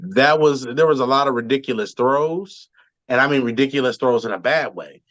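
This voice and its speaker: A man's voice: medium pitch, brisk, fairly bright tone, no echo, muffled recording. A man co-hosting a casual sports podcast, rambling with frequent ums and restarts. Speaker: podcast co-host.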